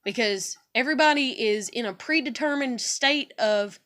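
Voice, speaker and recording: A woman's voice: fairly high pitch, normal speed, a bit bright. A woman ranting in a personal vlog, blunt, profane and passionate, rambling from one point to the next. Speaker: vlogger.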